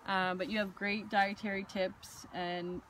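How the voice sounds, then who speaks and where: A woman hosting a casual chat, telling a personal story with lively, acted-out asides. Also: mid-range voice, measured pace, a little hiss or hum. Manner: animated storytelling with acted-out quotes. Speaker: host.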